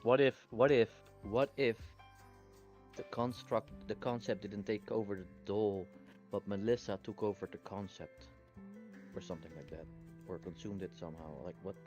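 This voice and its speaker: A man's voice: lowish voice, fairly even intonation, normal speed, a little mellow, dull audio, soft background music. A man chatting casually as a player in a tabletop game, thinking aloud. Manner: musing, trailing off. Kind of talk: casual chat.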